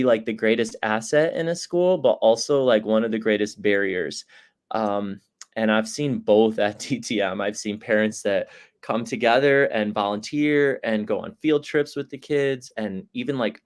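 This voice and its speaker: A man's voice: lowish voice, normal speed. A man answering interview questions in a casual, earnest way, with many "um" and "like" fillers. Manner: earnest, thoughtful, frequent fillers like "like" and "um".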